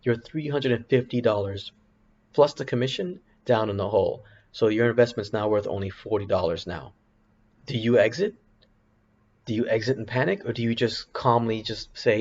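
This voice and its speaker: A man's voice: medium pitch, normal speed, a little mellow. A man hosting a casual options trading video, talking through charts in a rambling, self-correcting way with apologetic asides. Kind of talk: casual screen-share commentary. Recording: dull lo-fi sound with faint background hiss.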